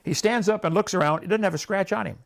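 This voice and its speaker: A man preaching a sermon, telling stories and acting out prayers in an animated way. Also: sits high, quick pace, vocal fry, slight background noise. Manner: animated storytelling, acts out prayers and quotes.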